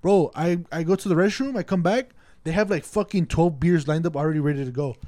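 A young man chatting casually, his voice a bit high for a man. He tells profane, animated stories and acts out the lines of the people in them. The sound is dry and close. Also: brisk, no room sound. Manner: profane, animated storytelling with acted-out quotes. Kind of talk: casual chat.

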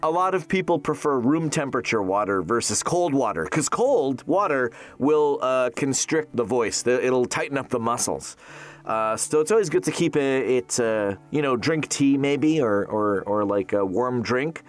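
A man in his thirties who works as a voice actor, chatting casually in an interview, animated and jokey, laughing often. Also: mid-range voice, moderate pace.

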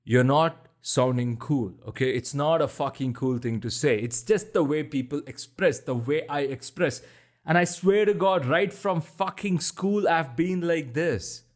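A man hosts a solo podcast into a podcast mic. His voice is deep, and he talks bluntly and emphatically, swearing often as he rants. His pitch sits a little above most men's. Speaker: podcast host.

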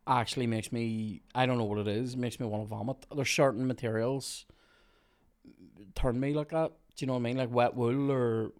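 A male podcast host spinning a story in casual chat. He talks in an animated way, swears often and breaks into laughs. His voice sits at an ordinary middle pitch for a man. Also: moderate pace, clear, resonant tone. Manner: animated, sweary anecdote-telling with frequent laughs.

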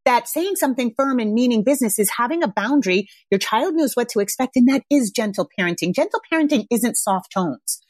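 Frank, foul-mouthed woman parenting coach, mid-pitched, dry close podcast mic. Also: no echo. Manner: frank and emphatic, swears freely; acts out parents' voices when quoting them. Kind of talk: casual podcast monologue.

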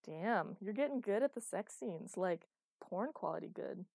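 A woman's voice: medium pitch, lively intonation, normal speed, vocal fry, a little mellow, slightly rough, no room sound, clean studio sound. A woman voicing a sarcastic young man who keeps interrupting with jokes.

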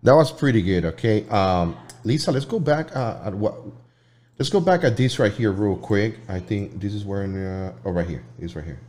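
Low-voiced man hosting, rambling. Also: lively intonation, darkish tone. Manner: rambling, halting, lots of "you know". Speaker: host. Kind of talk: casual talk show.

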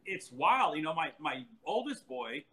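Bright-voiced man telling family stories. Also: on the high side, measured pace, low-quality recording. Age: 40s. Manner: animated storyteller, laughs often, many restarts. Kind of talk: casual chat.

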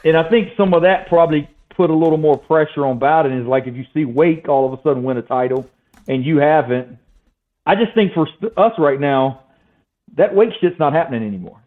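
A man's voice: fairly high pitch, brisk. A man chatting casually as a guest on a sports podcast, hedging with fillers as he talks. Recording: tinny phone-like line.

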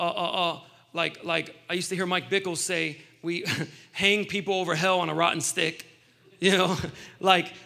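A man in his thirties delivers a sermon, weaving his own testimony into scripture. His voice sits high and sounds bright and forceful, and he talks in a loose, emphatic way, often restarting and adding asides. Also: gravelly. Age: 30s. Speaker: preacher.

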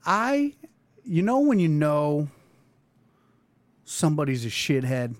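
A man's voice: fairly high pitch, slow, dry recording. A man hosting a casual talk show, ranting loosely with plenty of swearing. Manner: animated, swearing, rambling rant. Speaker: podcast host.

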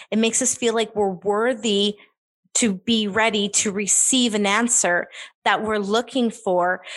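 A woman's voice: fairly high pitch, fairly bright tone. Emphatic woman asking rhetorical questions. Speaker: podcast co-host. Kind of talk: faith podcast conversation.

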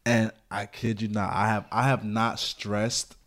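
A man's voice: lowish voice, level tone, unhurried, a bit bright. A man co-hosting a podcast, talking in a laid-back, affirming way. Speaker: podcast co-host. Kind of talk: casual conversation.

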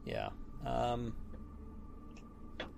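A man's voice: medium pitch, wildly swooping pitch, drawn-out words, vocal fry, over a noisy crowd. A man playing in a tabletop game, chatting casually and explaining his moves. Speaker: player.

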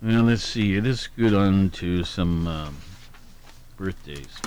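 A man's voice: low-pitched, slow pace, background noise. A man hosting a radio show who reads the day's anniversaries and birthdays in a meandering way, humming filler syllables and correcting himself aloud. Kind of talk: casual on-air chat, reading daily almanac.

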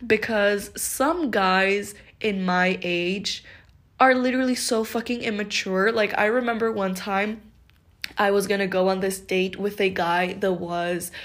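A woman's voice: mid-range voice, fairly even intonation, unhurried, a bit bright. A woman in her twenties casually telling a dating story, chatty and full of fillers and laughs. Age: 20s.

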